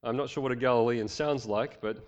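A man's voice: medium pitch, steady tone, fairly quick, muffled recording. A male pastor preaching a sermon, reading scripture with voiced quotes and joking asides.

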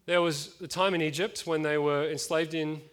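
A man's voice: fairly high pitch, steady tone, normal speed, fairly bright tone, smooth. A man in his late thirties preaching a conversational sermon, with frequent fillers and chatty asides.

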